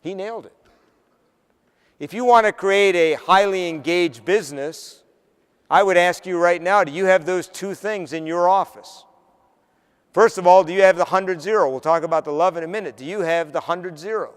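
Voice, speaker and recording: A man's voice: high-pitched, normal speed, clean tone. A man from the northern United States giving a motivational keynote, telling a story with punchy delivery and acting out the dialogue. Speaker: keynote speaker. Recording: long hall reverb.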